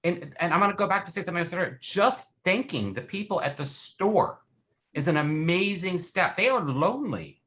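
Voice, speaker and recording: Earnest bright-voiced man. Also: sits high, animated, fairly quick. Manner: earnest, reflective storyteller. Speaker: podcast co-host. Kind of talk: casual video-call conversation.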